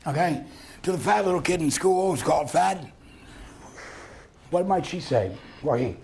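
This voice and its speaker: A man's voice: on the high side, animated, moderate pace, creaky, pauses often, a little mellow, slight background noise. A man lecturing a seminar class, telling stories and acting out dialogue with frequent chuckles. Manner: storytelling, acts out dialogue, chuckles often. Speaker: lecturer on conflict talk.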